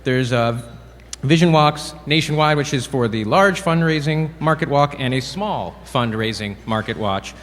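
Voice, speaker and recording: A man presenting awards at a ceremony, cracking playful deadpan jokes. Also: medium pitch, normal speed. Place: event hall. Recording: reverberant hall, faint room noise.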